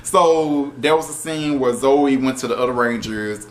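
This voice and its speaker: A man reviewing a show episode in casual, animated talk, exasperated and profane, with laughing asides. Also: mid-range voice, unhurried, slight background noise.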